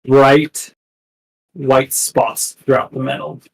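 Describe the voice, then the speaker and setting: A man's voice: mid-range voice, flat delivery, takes it slowly, vocal fry, rough recording. A man narrating a tabletop game as game master, describing scenes in a rambling way with many fillers.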